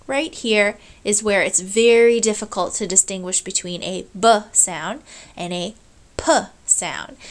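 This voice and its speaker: A woman's voice: medium pitch, low-quality recording. A woman lecturing on a recorded class video, explaining step by step and checking in with her listeners as she goes. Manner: explanatory, checks in with "right?" and "okay?"; demonstrates baby sounds aloud.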